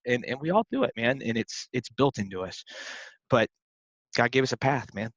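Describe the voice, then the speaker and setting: A man's voice: mid-range voice, normal speed, fairly bright tone, no echo. Earnest young man, dry dull sound. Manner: earnest, rambling with many restarts. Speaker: podcast co-host. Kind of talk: casual faith talk.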